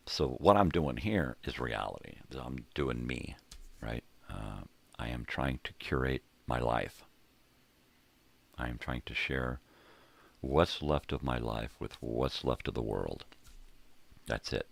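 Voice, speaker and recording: A man's voice: very deep voice, sing-song, measured pace, gravelly, fairly bright tone, husky. An older man hosting a rambling, laid-back morning monologue, talking in a casual, profane way from a home room crammed with tapes and records. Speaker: host.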